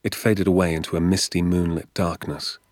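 Male narrator, storybook reading, deep voice, unhurried and expressive, dry close sound. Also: no echo. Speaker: audiobook narrator.

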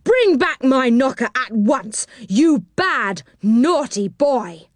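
A woman's voice: sits high, sing-song, slow, no room sound, pitched above the performer's own voice, exaggerated voice. Woman voicing an angry little man. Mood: angry scolding. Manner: scolding, indignant. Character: angry little man, peppermint knocker owner.

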